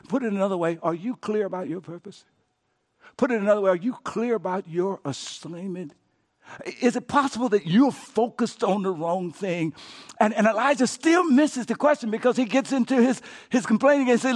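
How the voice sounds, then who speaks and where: A man preaching with a voice set high for a man. He pushes to fervent shouts, then drops to hushed, whispered words, acting out the scripture's speakers in a plain, folksy way. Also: animated, normal speed. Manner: dramatic preaching, swings from loud shouts to hushed near-whispers; acts out biblical dialogue with colloquial flair. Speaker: pastor. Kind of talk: sermon.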